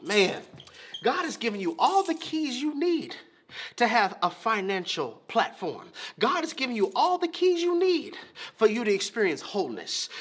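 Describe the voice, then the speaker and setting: A man preaching a sermon to his congregation, emphatic, repeating key lines and asking if they hear him, with a slightly husky voice. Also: sits high, fairly bright tone. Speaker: pastor. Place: church.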